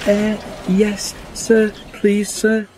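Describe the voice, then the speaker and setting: A man doing a nervous squeaky little engine. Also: steady tone, moderate pace, background noise, lightly acted. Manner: stammering, eager to please. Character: timid little male engine, nervous and polite.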